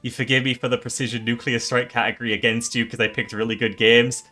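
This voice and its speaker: A man hosting his own game awards on a live stream is excitable and swears, often stumbling and restarting his sentences. He talks fast in a medium-pitched voice over soft background music.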